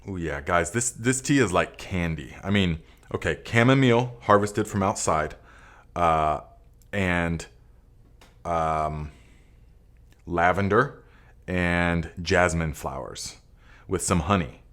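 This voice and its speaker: A man from Northern California hosting a live gardening Q&A, reading out viewer comments and answering in a relaxed, rambling way with many fillers. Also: low-pitched, slow pace, long pauses. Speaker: podcast host. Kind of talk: live Q&A chat.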